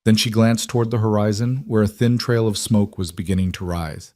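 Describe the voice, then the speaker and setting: A man giving scripted narration of a frontier romance story in a steady, even manner. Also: on the low side, normal speed, hardly any pauses, no echo, clean studio sound.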